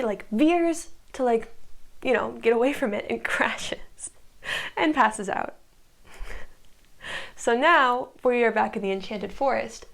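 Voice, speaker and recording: A woman hosting a casual recap video, talking chattily with lots of "like" and quick whispered asides. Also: on the high side, gravelly.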